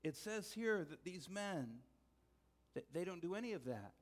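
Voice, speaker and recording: A man preaching a sermon as a pastor, telling stories conversationally and dropping to quiet, earnest tones for emphasis. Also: high-pitched, big pitch swings, measured pace, big-room sound.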